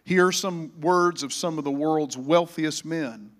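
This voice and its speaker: Pastor, male, mid-high voice, sermon delivery with rising emphasis. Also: a little slow. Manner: preaching, swells loud on scripture, calls congregation to repeat. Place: church.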